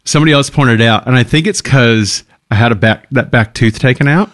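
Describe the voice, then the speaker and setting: A man's voice: medium pitch, brisk, a bit bright. A man co-hosting a radio show while sick with a cold, rambling through his stories with restarts. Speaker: radio co-host. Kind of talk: casual chat.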